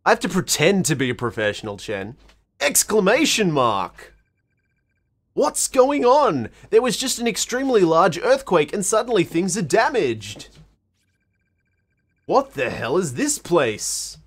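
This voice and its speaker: A playful Australian man streams a game and reads every character's line aloud. His pitch swings widely and his pace stays unhurried, with jokes slipped in between the lines. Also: sing-song. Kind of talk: live game playthrough, reading dialogue aloud.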